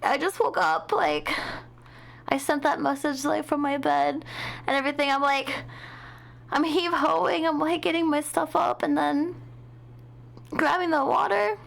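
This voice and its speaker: A woman's voice: sits high, unhurried, vocal fry, long pauses. A tired young woman streaming from home, chatting casually in a rambling, dramatic mock-complaining way with a sleepy voice. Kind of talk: casual live-stream chat.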